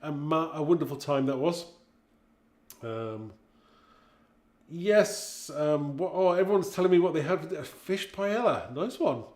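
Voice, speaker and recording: A man's voice: fairly high pitch, animated, a little slow, pauses often, a little mellow, roomy sound. Chatty British man hosting a craft stream. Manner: chatty, reads viewer comments aloud, laughs often. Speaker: craft livestream host. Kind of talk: casual live chat and craft demo.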